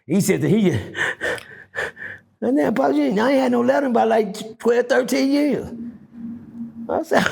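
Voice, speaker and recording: A middle-aged man telling prison stories in an animated way, acting out other people's voices and swearing freely. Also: normal speed, gravelly, pauses often. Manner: acts out voices, swings pitch widely, swears freely. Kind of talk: animated storytelling.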